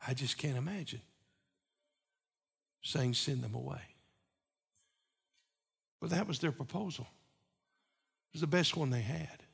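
Preaching man, loud peaks and hushes. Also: on the high side, normal speed, creaky, long pauses, slightly rough. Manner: preaching with swings from loud emphatic peaks to hushed, repeated phrases. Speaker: pastor. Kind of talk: sermon.

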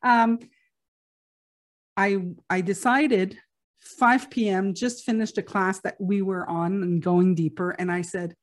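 A woman's voice: medium pitch, fairly even intonation, takes it slowly. A middle-aged woman telling a personal story in a casual, chatty way, laughing now and then between lots of fillers.

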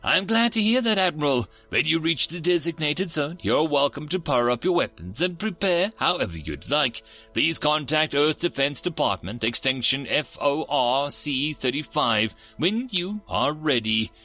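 A man's voice: fairly high pitch, lively intonation, a little slow, sharp tone, faint music behind, exaggerated voice. A man voicing an overly polite male starship captain who speaks like a customer service agent. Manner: courteous, customer-service phrasing. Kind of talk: scripted story narration.

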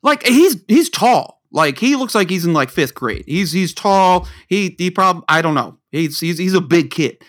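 A man's voice: sits high, expressive, unhurried, few pauses, a bit bright. A man telling a story in casual chat, rambling and swearing, stumbling over his words and restarting often. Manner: rambling, profane, stammers and restarts.

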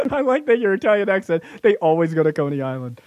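A man's voice: high-pitched, very animated, brisk, a little mellow, dry recording, dull audio. A man hosting a podcast, chatting in a brash, profane way and laughing often. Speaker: podcast host. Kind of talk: casual profane comedic chat.

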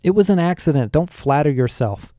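A man's voice: a little high, measured pace, dark tone, dry recording, studio quality, lightly acted. A man voicing a cocky young male lizard-person guide who talks in an offhand, dismissive way.

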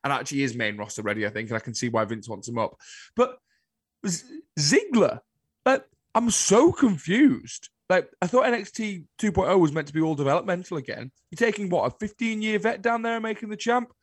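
A man co-hosting a casual wrestling podcast, ranting with exasperation and jumping into high, incredulous outbursts. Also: fast, dry recording, studio quality. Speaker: podcast co-host.

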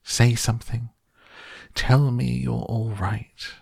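A man's voice: medium pitch, fairly even intonation, takes it slowly, vocal fry, darkish tone, husky, dry recording, clean studio sound, pitched above the performer's own voice, heavily acted. A man voicing a frantic, worried mother who wails and snaps in an audiobook. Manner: anxious, wailing, snappish. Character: frantic worried mother, shrill and sharp-tongued. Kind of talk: audiobook character voice.

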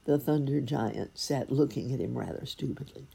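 Husky low-voiced woman reading a storybook. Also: moderate pace. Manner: expressive, lively reading. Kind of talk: storybook narration.

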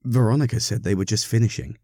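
A man reading a story aloud, narrating in an expressive, wry manner. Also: on the low side, fast talker, no room sound, studio quality.

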